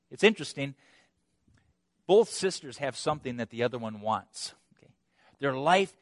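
Animated male preacher, dry close sound. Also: fairly high pitch, dry recording. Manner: animated, rhetorical questions, chuckles between points. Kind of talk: expository sermon.

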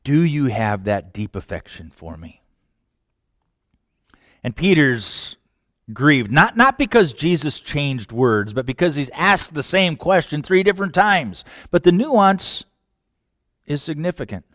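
A man preaching a sermon with passion, dropping to hushed lines and then rising loud. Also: on the high side, lively intonation, a little slow, dry recording, clean studio sound. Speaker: pastor.

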